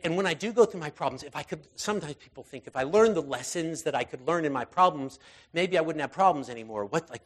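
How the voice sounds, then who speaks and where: A man preaching an informal sermon in a conversational way, full of fillers and restarts, moving between raised intensity and quiet, soft passages. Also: on the high side.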